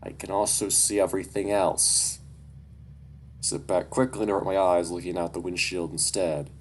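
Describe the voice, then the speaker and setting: Deep-voiced man reading a story, swearing asides. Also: little pitch movement, moderate pace, slight background noise. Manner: casual, profane, candid asides. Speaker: story reader. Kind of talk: reading a story aloud with casual commentary.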